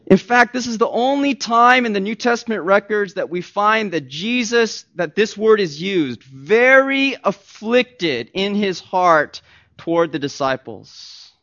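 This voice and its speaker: A pastor preaching a sermon, emphatic and swinging from soft asides to loud stressed points. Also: male voice, high voice, lively intonation, unhurried, gravelly. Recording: dull lo-fi recording.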